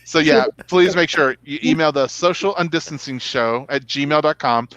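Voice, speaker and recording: A man's voice: a little high, normal speed, lo-fi sound, over a noisy crowd. A man hosting a casual talk show, chatting, laughing often and wrapping up the episode. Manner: chatty, laughing, says y'all. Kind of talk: casual show sign-off chat.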